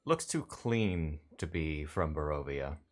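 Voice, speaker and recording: A man narrating as dungeon master in a tabletop game, pausing often with fillers. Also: very deep voice, lively intonation. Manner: halting, filler-heavy narration.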